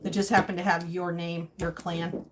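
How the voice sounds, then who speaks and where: A woman's voice: on the low side, flat delivery, moderate pace, background noise. A woman hosting a live stream from her home kitchen, chatting casually and joking as she answers viewer comments while she cooks.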